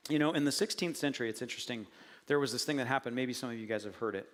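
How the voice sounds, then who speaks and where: A middle-aged man preaching a conversational sermon as a pastor, animated and joking as he tells stories with acted asides. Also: medium pitch, racing. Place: church sanctuary. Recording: church hall reverb.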